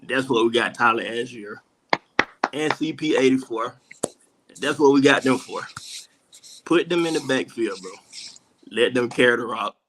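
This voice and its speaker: A man's voice: medium pitch, moderate pace, long pauses, noisy background. A man giving casual, frustrated football analysis in a plain-spoken way. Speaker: co-host analyst. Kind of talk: casual sports talk.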